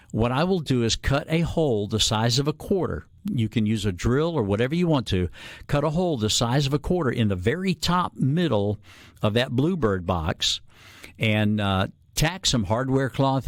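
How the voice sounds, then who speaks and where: A man talks on a call-in radio show. He explains things at an unhurried pace, drops in a lot of "uh" fillers, and stays at an average pitch. His voice is close and dry on a studio microphone. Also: no echo. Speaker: radio guest host.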